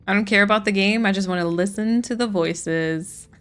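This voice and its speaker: This woman has a mid-range voice at normal speed, faint music playing behind her. While playing a farming game on a casual livestream, she chats freely, reading viewer messages and responding as she goes.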